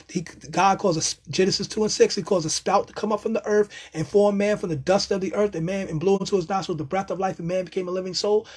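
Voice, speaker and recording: A man giving a casual spiritual lecture in loose, streetwise talk, emphatic and excitable, now and then bursting into loud exclamations and cursing. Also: high-pitched. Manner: loose, streetwise phrasing with many asides. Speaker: self-styled spiritual teacher.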